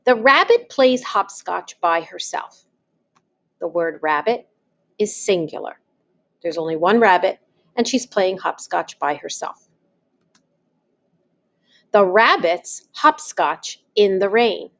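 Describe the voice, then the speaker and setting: A woman's voice: fairly low pitch, animated, takes it slowly, long pauses, a bit bright. A woman teaching, talking patiently and spelling things out step by step. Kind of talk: slow, deliberate classroom explanation.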